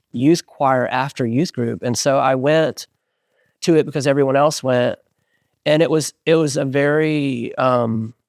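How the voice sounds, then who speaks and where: A man's voice: mid-range voice, dry recording, clean studio sound. A middle-aged man in a casual interview, telling a story with lots of fillers and acted-out quotes. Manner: animated storyteller, many fillers, acts out quotes. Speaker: interviewed musician.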